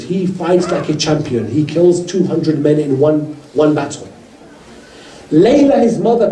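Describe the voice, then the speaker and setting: A man's voice: fairly high pitch, warm tone. A man giving an emotional religious recital at a mourning gathering, rising dramatically at cries and pleas. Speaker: speaker at a Muharram gathering. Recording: roomy, distant hall mic.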